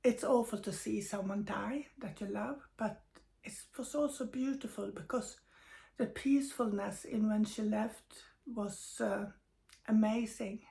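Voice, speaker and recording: A middle-aged woman telling a personal story of loss, tired and emotional, speaking haltingly with many pauses. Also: a little high, gravelly, mellow. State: tired and grieving. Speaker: medium sharing personal news.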